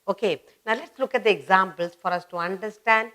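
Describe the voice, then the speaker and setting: A woman teaching a grammar lesson for children, repeating each word and phrase slowly and deliberately. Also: medium pitch, fairly bright tone.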